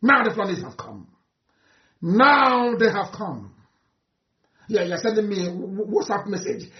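A man with a Nigerian accent giving an impassioned speech, fiery and mocking, swinging from shouts to low mutters. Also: expressive, measured pace, pauses often. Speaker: activist leader addressing supporters. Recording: roomy, dull lo-fi recording.

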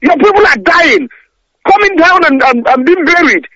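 A man's voice: very high-pitched, animated, moderate pace, bright, forceful tone, no echo. A man calling in to a radio talk show, ranting angrily and stumbling over his words. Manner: angry, repetitive stammering rant. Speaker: caller. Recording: dull lo-fi phone-in audio.

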